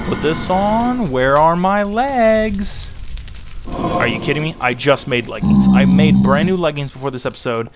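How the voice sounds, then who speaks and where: A man giving excited gameplay commentary, repeating phrases rapidly under pressure. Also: on the high side. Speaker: gameplay channel host. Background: loud background music.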